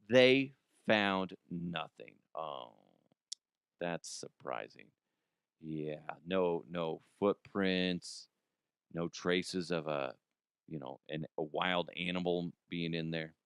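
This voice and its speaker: A man's voice: low voice, steady tone, slow pace, fairly bright tone, clear, resonant tone, no echo, studio quality. A man hosting a comedy news show, reading ads and riffing in a playful, sarcastic way with jokey asides. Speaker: comedy news podcast host.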